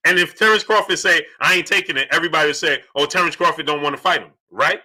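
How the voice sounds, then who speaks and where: A man hosting a boxing livestream, asking rhetorical questions over and over and giving shout-outs to the viewers in the chat. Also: fairly high pitch, quick pace. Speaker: boxing channel host. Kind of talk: livestream commentary, reading chat.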